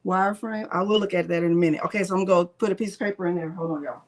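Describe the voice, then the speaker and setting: A woman's voice: fairly low pitch, steady tone, racing, a little mellow. A woman hosting a casual live crafting tutorial, chatting as she narrates each click and answers viewers in the chat, sometimes muttering to herself. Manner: talks to herself under her breath at times. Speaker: craft channel host.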